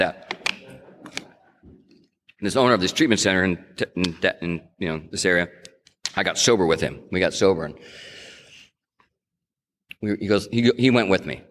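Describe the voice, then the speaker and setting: A man's voice: sits low, animated, fairly quick, long pauses, fairly bright tone. A middle-aged man from New England telling his personal recovery story at a sobriety meeting, earnest and conversational, often restarting his sentences. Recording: echoey hall reverb.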